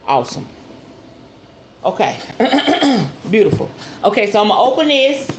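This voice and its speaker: Woman, spiritual channel host, casual unboxing chat, animated storyteller, mid-pitched voice, faint background hum. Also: measured pace. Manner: chatty and animated, calls viewers "y'all" and "honey"; excitable storyteller, acts out shop talk.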